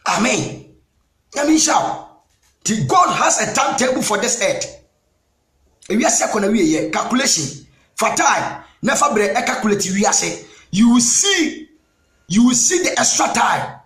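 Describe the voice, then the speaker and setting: A Ghanaian man preaching a sermon as an evangelist, emphatic and repeating "Amen", sometimes shouting. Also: very high voice, big pitch swings, unhurried, pauses often, roomy sound. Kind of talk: sermon mixing Twi and English.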